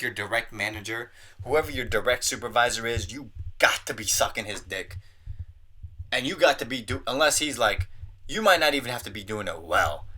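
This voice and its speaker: A young man hosting a podcast, ranting in a profane, animated, comedic way and slipping into mocking voices. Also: medium pitch. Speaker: podcast host. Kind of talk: casual comedic rant.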